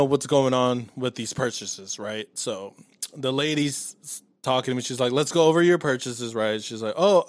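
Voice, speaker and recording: Man, casual chat, animated storyteller, acts out quotes, swears, dry close recording. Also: medium pitch, dry recording.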